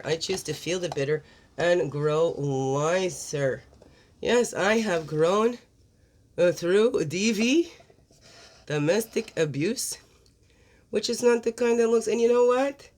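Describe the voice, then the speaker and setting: A woman's voice: lowish voice, slow, darkish tone, slight background noise. A woman hosting a daily spiritual card reading, reflective and encouraging, asking her listeners many questions. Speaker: spiritual guidance host.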